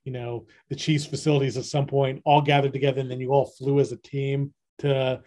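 A man's voice: mid-range voice, little pitch movement, fairly quick, mellow. A man hosting an interview, asking conversational questions with some fillers. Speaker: interviewer, host.

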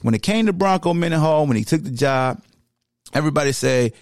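Animated man ranting on a podcast. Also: on the high side, a little fast, no echo, clean studio sound. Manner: animated, slangy, heated ranting. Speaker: podcast host. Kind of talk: podcast sports rant.

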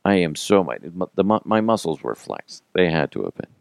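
A man's voice: deep voice, very animated, fairly quick, gravelly, dry recording, clean studio sound. A man in his thirties hosting a casual podcast, telling rambling, self-mocking stories, acting out quotes and swearing. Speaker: podcast host.

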